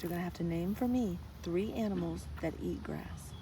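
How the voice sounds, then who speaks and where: A Texas chiropractor vlogs outdoors on a ranch and in a car, telling stories in a chatty, casual way and talking to the animals around her. Her voice is lowish and a little fast, with hardly any pauses, against a noisy background.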